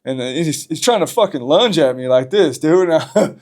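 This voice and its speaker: A man's voice: on the high side, expressive, moderate pace, a little mellow. A man, a podcast guest, telling a story from his past in a loose, profane, casual way.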